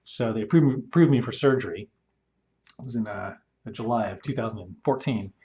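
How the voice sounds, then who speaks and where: A man's voice: fairly low pitch, a little fast, dark tone, highs cut off. A middle-aged man telling his own story in a candid, rambling way, with frequent restarts and fillers. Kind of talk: personal testimonial.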